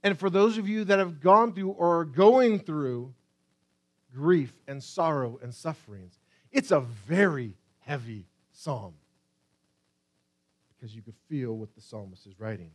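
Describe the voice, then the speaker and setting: A man preaching a sermon, reading scripture slowly and with emphasis, swinging between hushed lines and loud cries. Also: on the high side, animated. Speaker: pastor.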